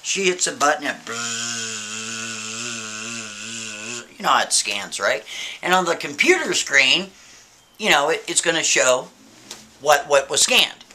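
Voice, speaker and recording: A man casually telling a spooky story, lively and full of rhetorical questions. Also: on the high side, unhurried, long pauses, a little hiss or hum. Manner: animated, keeps asking "right?" and rhetorical questions.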